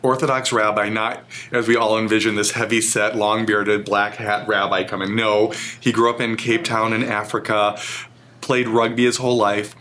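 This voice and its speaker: A man's voice: lowish voice, little pitch movement, moderate pace, fairly bright tone, slight background noise. A man as an interview guest, telling a personal story in an earnest, emotional way. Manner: earnest, emotional, vivid retelling.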